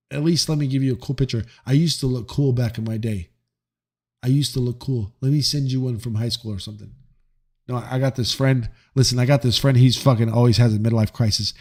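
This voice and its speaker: A man hosting a live stream, chatting casually with viewers in a joking, profane and animated way. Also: mid-range voice. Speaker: livestream host reading chat.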